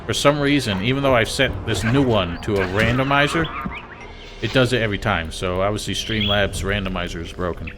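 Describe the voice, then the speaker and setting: Guy streaming a game, kinda low voice, just thinking out loud, chill chatty. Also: a little fast, over music. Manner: musing aloud, chatty, lots of "like". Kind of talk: casual live-stream commentary.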